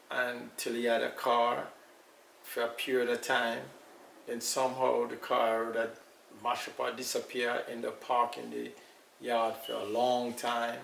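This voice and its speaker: An older man with a Jamaican accent, recalling his family's past in an unhurried, storytelling way during an interview. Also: medium pitch, creaky, a bit bright. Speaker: elder being interviewed. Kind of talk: casual recollection. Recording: echoey room, far from mic, faint noise.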